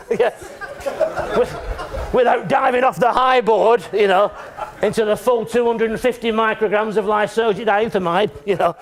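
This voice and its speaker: A man giving a conference talk in a chatty, joking way, often checking in with the audience. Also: high-pitched. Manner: chatty and joking, with frequent tag questions. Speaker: conference speaker. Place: lecture room.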